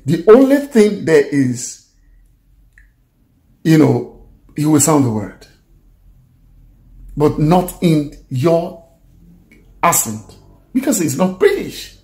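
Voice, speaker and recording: A man's voice: on the high side, sing-song, very slow, long pauses, dark tone, reverberant. A man teaching letter sounds in a casual video lesson, patient and repetitive, coaxing the viewer along with frequent chuckles. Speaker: language teacher.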